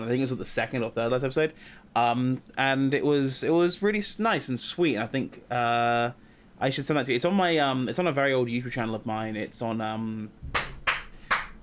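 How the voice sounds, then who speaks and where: A man's voice: mid-range voice, fairly bright tone. A man in his twenties co-hosting a podcast, chatting casually with lots of ums and meandering asides. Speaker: podcast co-host. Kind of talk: casual comedic chat.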